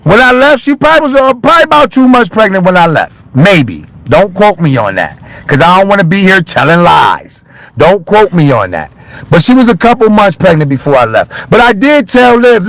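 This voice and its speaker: Loud, high-voiced man ranting on a live stream. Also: very animated, normal speed, no room sound, rough recording. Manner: loud, heated and blunt, swearing freely. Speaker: livestreamer. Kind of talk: livestream rant to chat.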